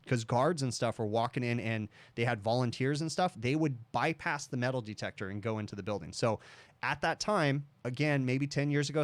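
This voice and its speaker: Brief: man, mid-pitched, casual livestream host, rambling anecdotes, dry close sound. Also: dry recording. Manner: rambling storyteller, says "okay?" often. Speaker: livestream host, HVAC technician.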